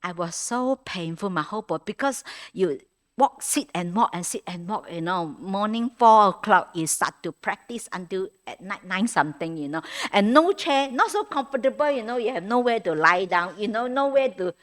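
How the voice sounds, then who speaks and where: A woman's voice: medium pitch, expressive, normal speed, a bit bright. A woman teaching at a meditation retreat in a conversational Dharma talk, with frequent restarts, repeated words and non-native English grammar.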